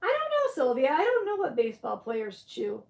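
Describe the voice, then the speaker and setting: A woman's voice: sits high, huge pitch swings, moderate pace, creaky, roomy sound. A middle-aged woman from Michigan with a Michigan accent, chatting casually with viewers on a craft livestream. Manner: chatty, answers viewer comments, muses aloud. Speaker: livestream crafter reading chat. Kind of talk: casual live-stream chat.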